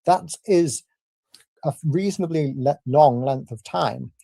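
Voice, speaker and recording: A man with a gravelly, mellow voice works through a formal debate rebuttal point by point. He argues in a measured, deliberate way. The sound is close and dry, with no room around it. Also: on the high side, dry recording. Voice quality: measured, argumentative delivery.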